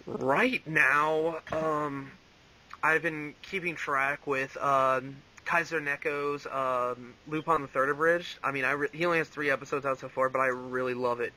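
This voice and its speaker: A man's voice: on the high side, steady tone, a little slow, sharp tone, rough recording. A young man rambling casually as an interview guest, full of "like" and "um" and frequent laughs. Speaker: interview guest, fan voice actor.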